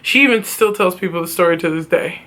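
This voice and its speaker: Bright-voiced woman telling a profane story. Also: fairly low pitch, fast. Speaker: vlogger. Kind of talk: casual storytime vlog.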